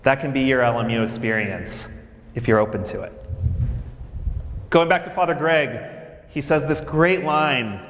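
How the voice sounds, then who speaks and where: A man working as a campus minister gives a lively, conversational speech to new students, telling stories and speaking directly to the audience. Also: mid-range voice, unhurried, long pauses, a little hiss or hum. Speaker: campus minister for faith and justice. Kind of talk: speech to incoming freshmen at orientation. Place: large hall. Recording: echoey hall with long reverb.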